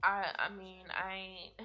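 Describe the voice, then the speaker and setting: A woman's voice: mid-range voice, level tone, slow pace, muffled recording, soft background music. A young woman vlogger telling a rambling story time in a casual, profane way, often laughing.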